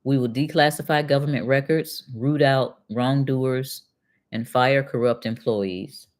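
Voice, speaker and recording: A woman's voice: a bass voice, steady tone, measured pace. A middle-aged woman hosting a casual commentary, reading passages aloud and then answering them with pointed, conversational questions to her viewers. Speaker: channel host and retired accountant.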